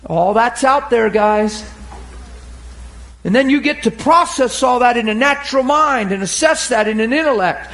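A man preaching a sermon, acting out the scripture scenes and swinging from shouts to murmurs. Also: very high voice, normal speed. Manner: animated, acts out scripture voices, laughs and cries.

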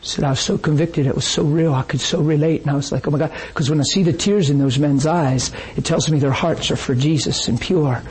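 A man's voice: fairly high pitch, fairly quick, few pauses, slightly rough, rough recording. A man preaching a sermon in a church, telling stories and acting out the voices in them. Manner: animated storytelling, acts out quoted voices. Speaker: pastor.

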